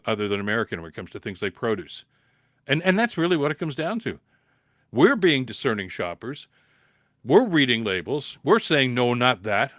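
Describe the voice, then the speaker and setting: An impassioned Canadian man hosts a live call-in podcast, reading out viewer comments and pushing back hard, often stumbling over repeated words as he builds to emphatic peaks. His voice sits in an ordinary middle pitch, with a slightly dry throat left over from a recent cold. The sound is close and dry, with no room around it. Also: a bit bright, no echo.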